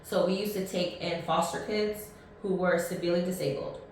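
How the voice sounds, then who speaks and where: A woman of thirty chats through her own podcast, blunt and rambling, with plenty of ums and false starts. Her voice sits a little low. She sounds set back from the mic in a very echoey room with faint noise behind her. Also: steady tone, moderate pace, a little mellow, distant mic. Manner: rambling and chatty, many ums and restarts, blunt. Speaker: podcast host. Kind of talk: casual solo podcast chat.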